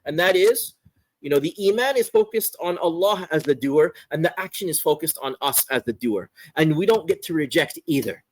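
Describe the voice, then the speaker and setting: A man's voice: on the high side, expressive, normal speed, slight background noise, poor audio. A man explaining a religious text as a teacher, thinking aloud, often repeating and restarting words as he goes. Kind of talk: explaining a theology text in a class.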